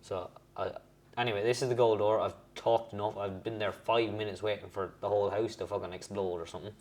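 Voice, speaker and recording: A man's voice: lowish voice, fairly even intonation, fast talker, darkish tone. A young man chatting casually at home as he tastes and rates beers, rambling and correcting himself. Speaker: host reviewing beers. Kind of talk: casual beer-tasting vlog.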